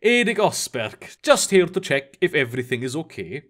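A man's voice: on the high side, sing-song, normal speed, a bit bright. A man voicing a polite, cautious Arctic station manager in a story reading.

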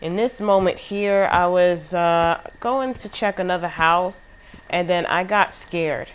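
A woman's voice: on the low side, slow pace, smooth. A woman giving casual, rambling commentary over her own gameplay footage, sounding exasperated and using plenty of fillers. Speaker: gaming channel host.

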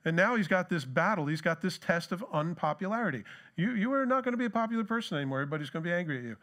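A man's voice: high voice, expressive, very fast, a bit bright. A middle-aged man giving a conversational sermon as pastor, asking the congregation rhetorical questions and telling anecdotes.

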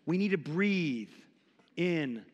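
A man's voice: on the high side, animated, slow, in a large hall, highs cut off. A man in his forties preaching a sermon as pastor, impassioned and conversational, acting out quotes. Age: 40s. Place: church sanctuary.

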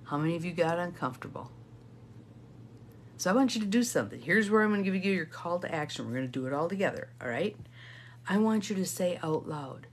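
A woman's voice: lowish voice, animated, a little fast, slight background noise. A middle-aged woman giving an upbeat coaching talk, repeating key phrases for emphasis and reading viewer comments aloud. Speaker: intuitive guidance coach. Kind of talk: live motivational coaching talk.

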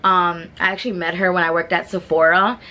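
A woman's voice: lowish voice, level tone, a little fast, pushed and bright. A woman, chatting casually and rambling through a review of television shows, full of fillers and restarts. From New York. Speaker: beauty vlogger.

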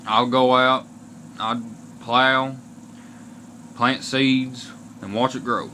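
Bright and forceful at a medium pitch, this young Kentucky vlogger holds a steady tone while ranting bluntly to camera in an Appalachian accent. Aggrieved, he swears often and talks in a slow, deliberate way. A little hiss or hum can be heard.

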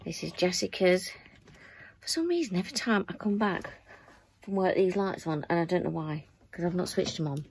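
A woman's voice: lowish voice, moderate pace, darkish tone, a little hiss or hum. A middle-aged woman, chatting casually and wearily to camera in her bedroom. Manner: chatty, tired, rambling. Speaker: vlogger. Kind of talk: casual vlog chat.

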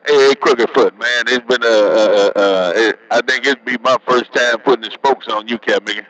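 A man's voice: medium pitch, fairly even intonation, normal speed, a bit bright, low-quality recording. A man bantering over CB radio, teasing and joking, tagging his lines with "man". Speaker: CB radio operator. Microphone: CB radio handset.

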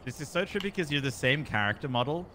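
A man chatting excitedly with friends while they game, often laughing mid-sentence. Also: on the high side, fast, slight background noise. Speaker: gaming friend. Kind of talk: casual chat while gaming.

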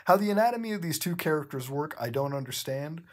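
Husky man doing a mocking dramatic reading. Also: on the high side, lively intonation, quick pace. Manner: incredulous, swearing asides. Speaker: gaming channel host.

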